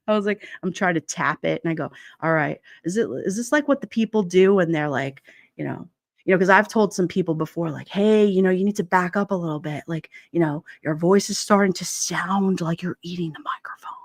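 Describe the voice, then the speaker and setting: A woman's voice: fairly low pitch, fairly quick, gravelly, no room sound, clean studio sound. A woman from Brooklyn, hosting a casual livestream chat, reading viewer comments and laughing often between many fillers. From Brooklyn, New York. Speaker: livestream host. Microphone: headset mic with headphones.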